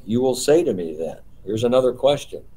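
A man's voice: medium pitch, big pitch swings, a little fast, mellow, a little hiss or hum, low-quality recording. A man leading a small-group Bible study, explaining patiently and posing rhetorical questions.

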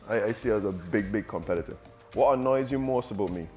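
A man's voice: fairly low pitch, quick pace, darkish tone, faint music behind. A young man and cricketer asking a friend questions in an easygoing chat, laughing often. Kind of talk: casual chat between friends.

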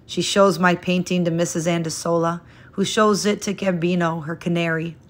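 Gentle woman reading a picture book. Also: lowish voice. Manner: gentle, expressive, unhurried storytelling. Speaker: storyteller. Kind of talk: children's picture book read-aloud.

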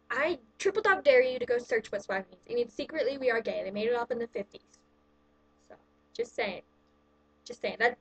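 A woman's voice: a little high, breathy edge, poor audio. A woman vlogger ranting casually through a countdown list of pet peeves, exasperated and sarcastic, with plenty of "like" in her speech. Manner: exasperated, sarcastic, heavy use of "like".

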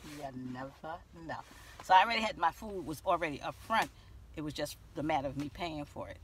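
A woman vlogging from her car, telling a story in an animated way and acting out the dialogue. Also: low voice, fairly quick, a little hiss or hum. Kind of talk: car vlog rant. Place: inside a parked car.

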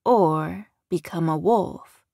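Audiobook villain: woman narrator doing a commanding middle-aged male shifter, measured and dry. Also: on the low side, creaky, mellow, dry recording, full character voice. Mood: cool threat.

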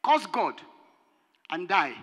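Woman pastor, impassioned sermon, lively swinging pitch, long reverb of a big hall. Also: slow, muffled recording. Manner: impassioned preaching, swinging between shouted peaks and low drops.

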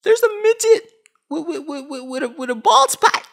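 A man's voice: very high-pitched, sing-song, moderate pace, vocal fry, pitched above the performer's own voice, full character voice. A man voicing a panicked caller reporting an attack to emergency services, stammering frantically.

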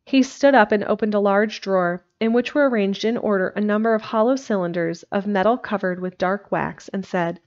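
A woman reading a classic novel aloud, steady with occasional slips and restarts. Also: mid-range voice, normal speed, hardly any pauses. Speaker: narrator. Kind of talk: audiobook reading. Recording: dull lo-fi livestream recording.

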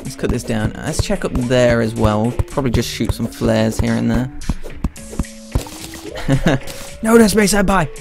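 A man's voice: mid-range voice, fairly even intonation, moderate pace, gravelly, hardly any pauses. A young man giving playful, chatty commentary while streaming a game and answering his chat. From Britain. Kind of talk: casual live-stream commentary. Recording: game music playing behind the voice.

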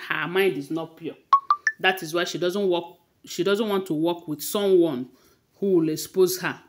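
A woman with a Nigerian accent casually retelling celebrity gossip, with frequent hesitations and restarts. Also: sits low. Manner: hesitant, many fillers and restarts, conversational retelling.

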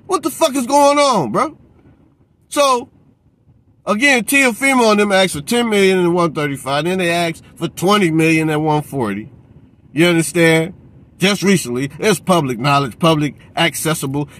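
Guy going off about boxing, high voice, cussing, aave, keeps saying he's sick of it. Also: fairly bright tone. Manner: profane, repeats a catchphrase, mocks others in put-on voices. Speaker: boxing commentator. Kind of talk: heated rant.

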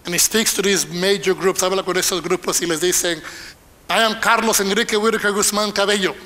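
High, bright-voiced older bilingual preacher. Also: male voice, quick pace. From Panama. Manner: switches between Spanish and English line by line, animated. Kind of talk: bilingual sermon.

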